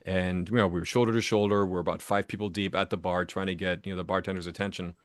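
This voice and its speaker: A man being interviewed as an author, telling personal stories in a lively, animated way with frequent restarts and acted-out quotes. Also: low voice, fast talker, no room sound, clean studio sound. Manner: animated storyteller who acts out quotes with many restarts. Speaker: author guest. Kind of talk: casual storytelling interview. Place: Las Vegas.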